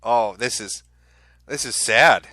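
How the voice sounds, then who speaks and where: A man's voice: medium pitch, slow pace, pushed and bright, no echo. A man hosting a live stream, giving casual commentary in a sarcastic, profane, ranting way. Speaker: streamer host.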